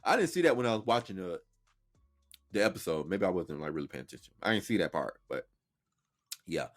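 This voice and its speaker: A man's voice: sits low, big pitch swings, a little fast. A man hosting a podcast, talking in a sassy, playful way as casual reaction commentary. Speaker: podcast host.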